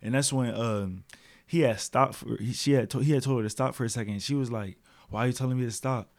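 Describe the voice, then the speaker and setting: A man's voice: mid-range voice, fast talker. A man co-hosting a podcast, telling a story in casual chat, full of slang and fillers. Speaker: podcast co-host.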